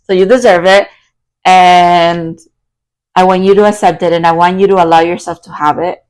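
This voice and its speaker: Excitable young woman reading tarot. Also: on the low side, moderate pace, clear, resonant tone, rough recording. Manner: excitable, bursts into loud exclamations and laughter. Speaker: tarot reader.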